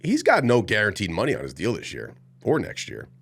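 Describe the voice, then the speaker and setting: A man's voice: on the low side, wildly swooping pitch, fairly quick, husky. A man hosting a sports betting show in a loose, rambling way, sounding nasal and sniffly today. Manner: loose, rambling, self-correcting. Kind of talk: casual sports talk.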